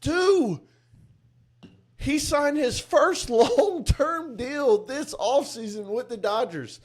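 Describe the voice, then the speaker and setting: A man's voice: extremely high pitch, lively intonation, slow pace, darkish tone. A man co-hosting a casual sports podcast, talking emphatically and swearing freely as he argues his point. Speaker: podcast co-host.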